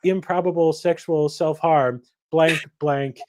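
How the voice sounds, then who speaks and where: A man's voice: medium pitch, moderate pace, a little mellow, a little hiss or hum. A man chatting casually on a call, dry and joking, with rambling asides. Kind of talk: casual chat.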